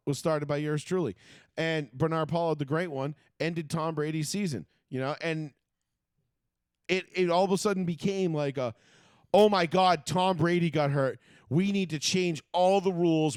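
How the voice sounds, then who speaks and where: A man's voice: fairly high pitch, smooth, no room sound, clean studio sound. A man co-hosting a sports talk show, ranting with plenty of swearing in casual chat. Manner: profane, ranting, animated. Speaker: podcast co-host.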